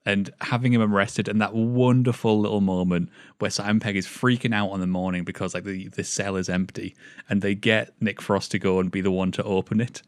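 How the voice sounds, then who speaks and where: A British man gives thoughtful, analytical takes on a film in a lowish voice. His delivery is articulate and measured, recorded dry and close. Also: steady tone, dry recording. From Britain. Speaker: film review co-host. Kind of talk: casual film review chat.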